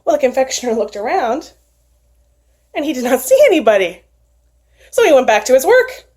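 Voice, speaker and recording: A woman retelling a folktale, her voice fairly high and swinging widely as she leans into the drama. She narrates expressively and with animation. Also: big pitch swings, normal speed, darkish tone. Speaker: storyteller. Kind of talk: folktale storytelling.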